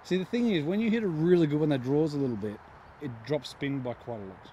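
A man's voice: a little high, quick pace, dark tone, a little hiss or hum. An Australian man bantering and laughing with his golf mates outdoors on a course. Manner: laughing, joking, teasing. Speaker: golfer.

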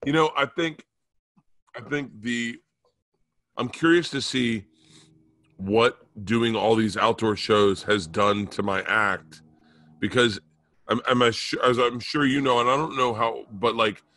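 Bright-voiced rambling male comic. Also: mid-range voice. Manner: rambling, restarts mid-thought. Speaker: podcast co-host, touring comedian. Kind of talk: casual podcast chat.

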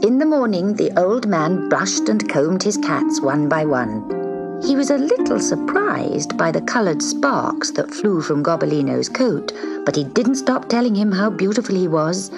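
A woman narrating a children's storybook in a soft, often half-whispered, husky voice. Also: low-pitched, expressive, measured pace, music in the background.

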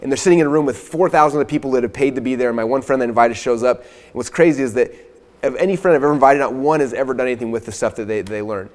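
Male co-presenter, earnest pitch, rapid-fire delivery; recorded with a long room reverb. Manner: earnest, speaks to viewers directly. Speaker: course co-presenter. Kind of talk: persuasive sales pitch. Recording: long echo of a large room.

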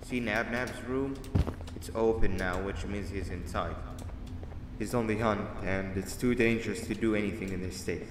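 A man voicing a grim male game character who guides the player in a low, serious and explanatory way. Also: normal speed, noisy background, close to an everyday voice. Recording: echoey, distant in-game audio.

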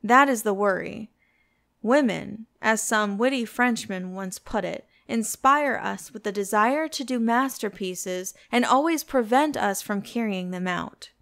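A woman voicing a witty, languid aristocratic gentleman with a cynical, epigrammatic manner in an audiobook. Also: medium pitch, expressive, measured pace, gravelly.

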